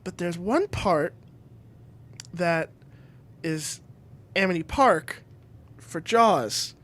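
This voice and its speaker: A man co-hosting a podcast, telling an animated story and acting out the people in it, swearing casually. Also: sits high, extremely slow. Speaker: podcast co-host.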